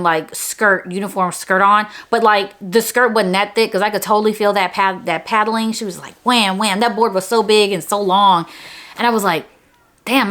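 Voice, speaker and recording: Woman, vlogger, casual storytelling to camera, animated, high-pitched quoted voices. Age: adult. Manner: animated, jumps to high pitch when quoting herself.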